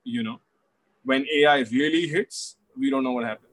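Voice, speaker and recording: A man's voice: medium pitch, normal speed, a bit bright. Reflective man talking as a podcast guest. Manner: reflective, filler-heavy, says "you know" often. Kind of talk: casual conversation.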